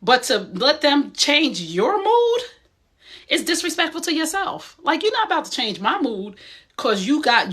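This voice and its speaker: Bright-voiced New woman, emphatic. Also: on the high side, breathy edge. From Essex County, New Jersey. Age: middle-aged. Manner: direct and emphatic, streetwise. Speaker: host. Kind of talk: motivational talk.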